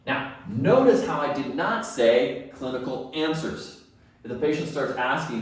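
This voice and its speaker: A man's voice: medium pitch, moderate pace. Guy coaching dental front desk staff, stresses every point, super echoey room, kinda far from the mic. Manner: emphatic, asks and answers his own questions. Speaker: dental practice phone coach. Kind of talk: instructional talk.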